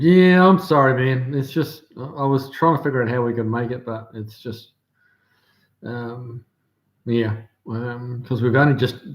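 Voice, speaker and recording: A New Zealand man with a medium-pitched, somewhat dark voice runs a livestream, casually chatting and reading viewer comments. His manner is laid-back, peppered with ums and restarts, and the room gives an echo.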